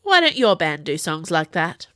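A calm, wry young woman, as a woman storyteller reads her answers with dry, unbothered wit. Her pitch moves around a lot, and the recording is close and dead dry. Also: moderate pace, dry recording. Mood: curious. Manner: dry, unflappable.

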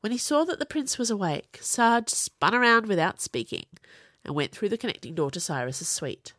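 A woman narrating an audiobook in an expressive reading voice. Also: medium pitch, moderate pace, no room sound, clean studio sound.

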